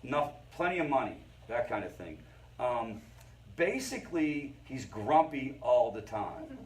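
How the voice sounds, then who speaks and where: A man's voice: medium pitch, big pitch swings, measured pace. A middle-aged man, a therapist, giving an informal, conversational lecture to a family recovery group and checking in with his listeners. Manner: conversational, keeps checking in with the audience. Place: meeting room with a group. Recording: voice picked up from a distance.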